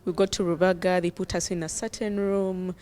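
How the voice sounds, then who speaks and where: A woman's voice: fairly low pitch, little pitch movement, brisk, a little mellow. A young woman, a guest telling her own story earnestly and often laughing through it. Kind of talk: personal storytelling.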